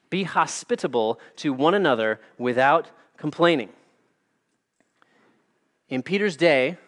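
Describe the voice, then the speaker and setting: A man's voice: medium pitch, a bit bright. A male pastor preaching a sermon in an earnest, emphatic way, with practical asides and storytelling.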